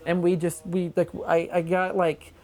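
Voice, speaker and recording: For a documentary, an interviewee rambles excitedly through a long anecdote packed with fillers. The voice sits at a medium pitch and moves at a moderate pace.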